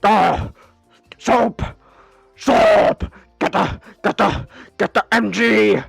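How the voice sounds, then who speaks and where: A man voicing a gruff male military captain, shouting orders in a gravelly voice. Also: sits high, steady tone, extremely slow, dry recording, faint music behind, voice pushed up, full character voice. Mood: barking. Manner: barking orders.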